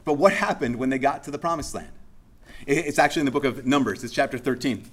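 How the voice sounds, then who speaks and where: A man's voice: mid-range voice, quick pace. A man preaching a sermon in a casual, conversational way, acting out the speech of the people he tells about. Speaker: pastor.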